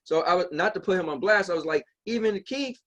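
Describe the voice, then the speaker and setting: A man's voice: sits high, fast talker, highs cut off. A man co-hosting a podcast, telling a long story in casual chat and acting out the people he quotes. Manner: animated, acts out quoted voices. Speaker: podcast co-host.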